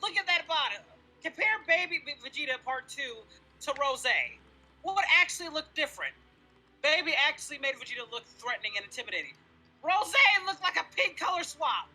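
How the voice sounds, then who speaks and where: A man's voice: very high-pitched, a little fast, poor audio. A man on a casual livestream, arguing his point with energy and swearing freely while answering chat. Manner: animated, argumentative, swears freely. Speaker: streamer answering chat questions.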